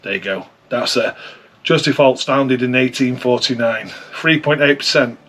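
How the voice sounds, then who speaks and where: A man's voice: medium pitch, normal speed, a bit bright, a little hiss or hum. A man giving a casual beer tasting review, chatty and thinking aloud as he sips and compares.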